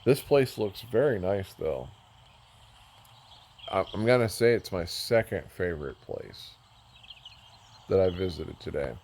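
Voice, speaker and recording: A deep-voiced man chatting loosely as he tours a game, wandering off topic and poking fun at himself. His tone is casual and unpolished, with a faint hiss under the voice. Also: animated, unhurried, pauses often, darkish tone. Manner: rambling, self-mocking, easily sidetracked. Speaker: gamer touring a build.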